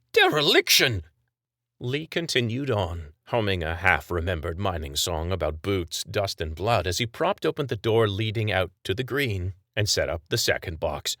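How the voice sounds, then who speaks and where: A man reading his own story aloud as scripted audiobook narration, with a measured, even storytelling delivery. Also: sits low, dry recording, studio quality.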